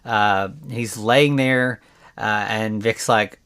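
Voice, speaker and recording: A man's voice: on the low side, fairly even intonation, slow, fairly bright tone, clear, resonant tone. A man hosting a podcast alone, recapping a film in a rambling, conversational way, with lots of "like" and restarts. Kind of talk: casual solo movie recap.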